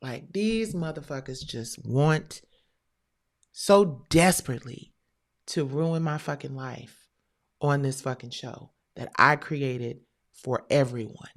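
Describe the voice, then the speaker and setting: A middle-aged woman hosting her own show, telling a heated personal story to viewers, animated and profane, with quoted voices. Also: extremely low pitch, slow.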